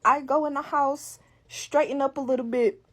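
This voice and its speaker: Casting: young woman, lively profane storyteller, voice on the high side. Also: normal speed. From Detroit. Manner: animated, profane, quoting others in raised voices. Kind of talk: casual storytelling.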